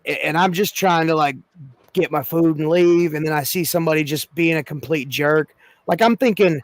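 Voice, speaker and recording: A man's voice: fairly high pitch, moderate pace, dry recording. A man casually chatting on a video call, rambling with many restarts and acting out little scenes. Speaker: podcast co-host. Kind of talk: casual chat.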